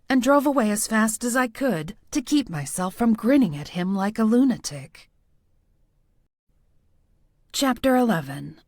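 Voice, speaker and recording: A woman narrating a novel in the first person, with a wry, lively delivery. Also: on the high side, dry recording, clean studio sound. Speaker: audiobook narrator.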